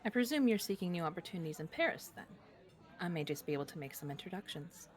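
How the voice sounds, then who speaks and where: A woman voicing a smooth, poised jewel swindler. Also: fairly low pitch, expressive, quick pace, lightly acted.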